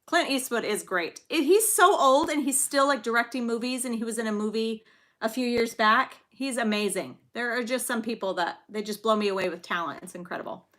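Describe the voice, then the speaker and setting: Bright, chatty woman hosting live trivia. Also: fairly high pitch, fairly quick. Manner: chatty and giggly, tells little stories. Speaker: livestream trivia host and mother. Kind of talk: casual live-stream chat.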